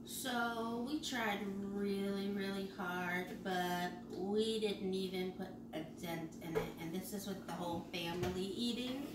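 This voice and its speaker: A woman, a mother hosting a casual family vlog, laughing and giving the kids quick instructions. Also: mid-range voice, steady tone. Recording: echoey noisy room, mic far off.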